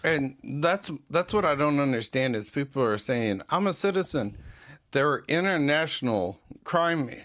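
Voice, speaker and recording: A man's voice: fairly high pitch, lively intonation, unhurried, a bit bright. A man co-hosting a podcast, chatting casually and laughing through his stories. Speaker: podcast co-host. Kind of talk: casual chat.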